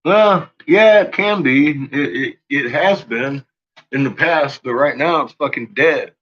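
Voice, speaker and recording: Male streamer, husky voice, rambling and profane, muffled lo-fi mic. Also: a little high, unhurried, a bit bright. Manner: rambling, profane, laughs often. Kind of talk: casual chat with viewers.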